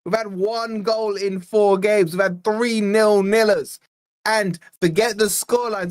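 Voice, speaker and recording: Exasperated young fan commentating live. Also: male voice, high-pitched, fairly even intonation, unhurried. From Scotland. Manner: exasperated, chatty play-by-play with fan shout-outs. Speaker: fan channel host. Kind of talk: live watch-along match commentary.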